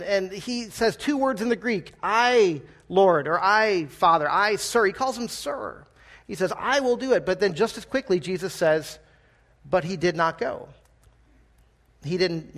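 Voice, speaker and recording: A man preaching a sermon in a church, talking conversationally, with gentle humor and frequent questions to the congregation. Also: high-pitched. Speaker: pastor. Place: church sanctuary.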